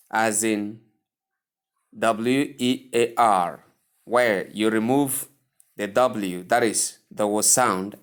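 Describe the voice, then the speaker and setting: A man with a Nigerian English accent teaching English pronunciation, repeating each word slowly and deliberately. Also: lowish voice. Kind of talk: slow instructional lesson.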